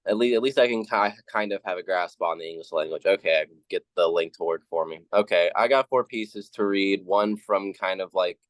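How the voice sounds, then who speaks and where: A man's voice: low voice, fairly quick, few pauses, no echo, poor audio. A tired man arriving at a reading to share his work, rambling apologetically. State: tired, worn out. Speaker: poet at a reading event.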